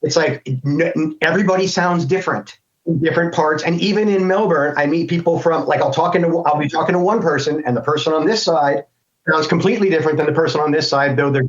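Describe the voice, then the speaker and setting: A man's voice: a little high, fast. Middle-aged American male guest, raised voice, chatty and meandering, muffled recording. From United States. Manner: rambling, thinks aloud with many restarts. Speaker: guest voice actor. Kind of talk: casual interview chat. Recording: dull lo-fi sound.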